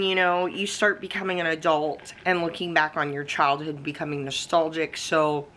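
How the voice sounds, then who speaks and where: A woman's voice: deep voice, fairly bright tone, slight background noise. A woman vlogger talking casually to her viewers, rambling with fillers and restarts, snacking and sipping coffee as she goes, with the odd swear word. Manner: eats snacks and sips coffee while talking. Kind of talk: casual talking-head vlog.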